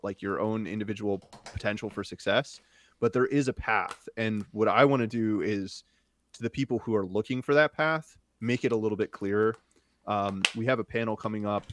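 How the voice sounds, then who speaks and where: A man speaking as a podcast guest in an earnest, measured, explanatory way. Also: fairly low pitch. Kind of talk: casual podcast conversation.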